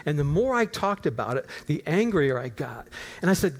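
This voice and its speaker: A man, an older pastor, preaching a storytelling sermon in a church, animated and swinging from quiet asides to near-shouts. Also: fairly high pitch, normal speed, breathy edge. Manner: animated, rising to near-shouts in acted prayers. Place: church auditorium.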